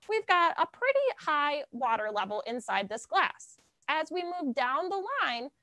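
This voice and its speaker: A woman teaching a lively live science lesson for children, explaining and demonstrating to viewers at home. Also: dry recording. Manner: lively, animated teacher, demonstrates high and low voices. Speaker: science educator. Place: science center.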